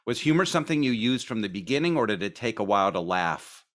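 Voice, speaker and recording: A man interviewing a guest, supportive and a little halting as he asks earnest questions. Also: lowish voice, big pitch swings, a bit bright.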